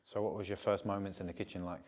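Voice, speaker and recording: A man's voice: sits low, little pitch movement, quick pace, darkish tone, a little hiss or hum. A man hosting a casual interview, asking short questions and giving brief agreement. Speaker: interviewer, host.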